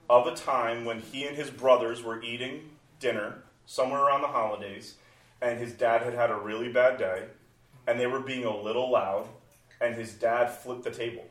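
A man's voice: mid-range voice, a bit bright. A man in his forties, a pastor, talking conversationally and animatedly, acting out inner voices as he goes. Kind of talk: conversational church talk. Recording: roomy sound from a distant mic.

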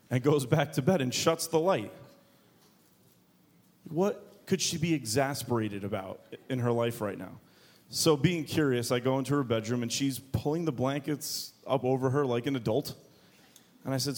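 A man's voice: mid-range voice, moderate pace. A man in his thirties preaching a sermon to a congregation, telling a family story in a joking, conversational way. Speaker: pastor.

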